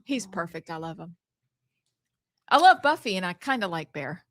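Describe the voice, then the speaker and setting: A woman's voice: on the low side, very animated, moderate pace, fairly bright tone, dry recording. Chatty, playful female co-host, up-and-down voice, dry close mic. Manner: playful, chatty, addresses the listeners. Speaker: podcast co-host. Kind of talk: casual chat.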